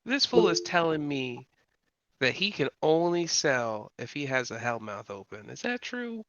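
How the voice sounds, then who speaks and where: A man's voice: a little high, sing-song, measured pace, fairly bright tone, no room sound, dull audio, heavily acted. A man playing his game character, a brash streetwise adventurer who talks bluntly and jokes. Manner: blunt, jokey.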